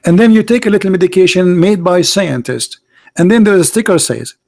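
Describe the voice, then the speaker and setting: Brisk and with noticeable vocal fry, a man argues as a street debater, scornful and emphatic, circling back over the same points and veering between loud bursts and low asides.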